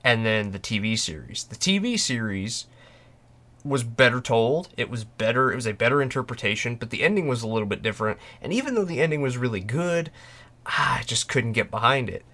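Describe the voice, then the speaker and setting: Man, podcast host, casual fan chat, emphatic, passionate, middle-pitched voice. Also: expressive, fairly quick, bright, forceful tone. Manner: passionate, emphatic, with restarts and quoted dialogue. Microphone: podcast microphone.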